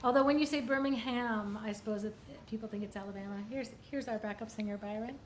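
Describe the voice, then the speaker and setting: A woman performer chatting casually on a livestream between songs, soft-spoken and filling pauses with um. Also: fairly high pitch, roomy sound. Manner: soft-spoken, with frequent um fillers. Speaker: singer-songwriter guest performer. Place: home.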